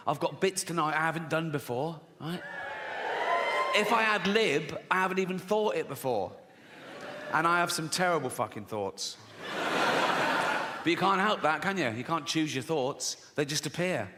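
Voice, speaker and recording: A sardonic English comedian in middle age holds a theatre stage, his voice pitched slightly high. It carries a long hall reverb, with audience noise clearly heard behind him. He mocks with a straight, innocent air and acts out the people he quotes. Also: pushed and bright. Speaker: stand-up comedian. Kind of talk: stand-up comedy set. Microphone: stage microphone.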